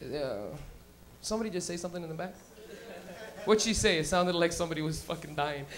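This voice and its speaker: A man doing a stand-up set at a live comedy club. He is loud and profane and laughs at his own stories. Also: a little high, brisk, crowd noise.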